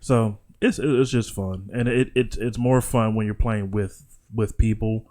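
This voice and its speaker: A man co-hosting a casual gaming podcast, talking fast and teasing his friends, laughing often and restarting his sentences. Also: lowish voice, steady tone, mellow. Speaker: podcast co-host.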